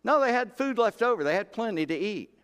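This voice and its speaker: A pastor with a high, clean, fairly bright voice preaches briskly and with animation in a church sanctuary. He spins folksy stories, voicing the characters he quotes, under a long hall reverb.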